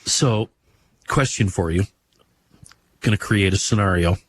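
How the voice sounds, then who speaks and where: A man with a fairly low voice hosts a radio talk show in a casual, folksy way, spinning stories and chuckling along. A faint hum sits under his voice. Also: a little slow. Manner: folksy storyteller, laughs easily.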